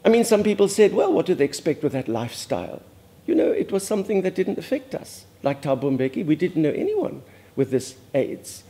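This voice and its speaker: A prim older Afrikaans society lady, played by a man, talks in a confiding monologue with an Afrikaans South African accent. Her voice sits a little high yet mellow, and she drops Afrikaans words as she goes. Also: big pitch swings, fairly quick. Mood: reminiscing. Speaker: host. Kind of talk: character monologue.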